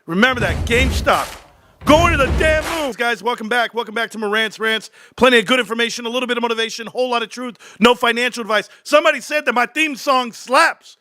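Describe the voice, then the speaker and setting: A man hosting a livestream, ranting brashly and cursing, swinging from low muttering to shouting excitement. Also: fast. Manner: profane, brash. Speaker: livestream host. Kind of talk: casual livestream rant.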